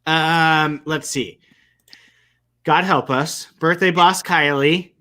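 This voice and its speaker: A man's voice: a little high, steady tone, slow, sharp tone. A man co-hosting a podcast in easygoing casual chat, with frequent hesitations. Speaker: podcast co-host.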